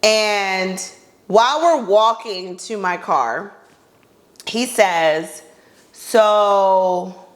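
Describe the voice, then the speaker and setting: A woman's voice: mid-range voice, drawn-out words. A woman podcast host telling a funny dating story in a casual way, acting out her own lines with blunt, exasperated asides. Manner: animated, acts out her own reactions in dialogue.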